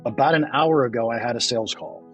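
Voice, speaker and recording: A man hosting a podcast in a casual interview chat, self-deprecating and quick to laugh, often repeating words when he gets excited. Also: medium pitch, lo-fi sound, faint music behind. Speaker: podcast host.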